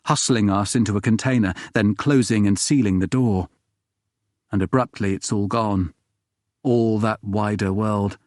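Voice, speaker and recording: Male audiobook narrator, lowish voice, dry close sound, steady first-person reading. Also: no echo.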